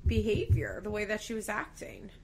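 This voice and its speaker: A woman's voice: mid-range voice, big pitch swings, normal speed, creaky, a little mellow. A young woman co-hosting a podcast, chatting casually about a TV show and using lots of filler words. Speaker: podcast co-host. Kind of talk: casual chat recapping a TV show.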